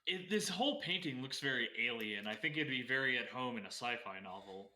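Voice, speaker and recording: In a reverberant recording, a man with a medium-pitched, brisk voice co-hosts a casual art history chat. He reads passages aloud, stumbles over words, and stays relaxed, laughing easily.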